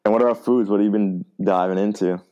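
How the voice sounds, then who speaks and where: A man's voice: on the low side, quick pace. A young man, chatting casually and laughing through fillers. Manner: relaxed, laughing, trailing fillers. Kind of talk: casual chat.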